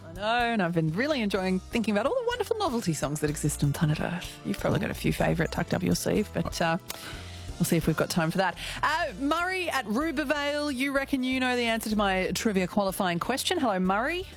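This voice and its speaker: A woman's voice: mid-range voice, expressive, quick pace, soft background music. A woman with an Australian accent hosting a live radio trivia segment, chatty and playful. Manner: chatty, playful, laughs often. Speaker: radio host. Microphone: studio microphone.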